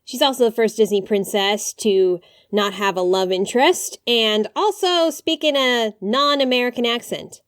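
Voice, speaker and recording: A young woman hosting a podcast, talking in a chatty, animated way with quick apologies and asides. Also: a little high, clean tone, no room sound, studio quality. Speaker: podcast host. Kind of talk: casual podcast monologue.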